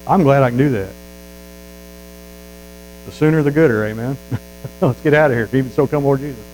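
A man preaching a sermon as a Baptist pastor, folksy and emphatic, building to loud fervor. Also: medium pitch, brisk, pauses often, rough recording.

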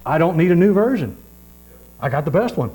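A man's voice: fairly high pitch, big pitch swings, a little fast, warm tone, breathy edge, low-quality recording. Folksy preacher man. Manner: folksy, repetitive preaching with frequent amens. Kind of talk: sermon.

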